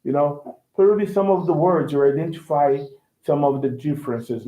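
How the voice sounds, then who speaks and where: A man's voice: fairly high pitch, moderate pace, mellow. A man teaching English in a casual online lesson, repeating words to model pronunciation and checking that his student understands. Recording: roomy, dull lo-fi sound.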